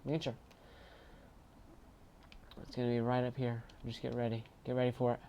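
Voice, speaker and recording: A man casually commentating his own video game play, chatty and bursting into excited shouts. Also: medium pitch, normal speed, slight background noise. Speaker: gaming channel host.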